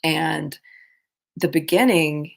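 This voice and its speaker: Woman livestream host, low voice, easygoing, reads out viewer comments. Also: takes it slowly, creaky. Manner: chatty, reads viewer comments aloud, laughs often. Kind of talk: casual livestream chat. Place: abroad on a trip.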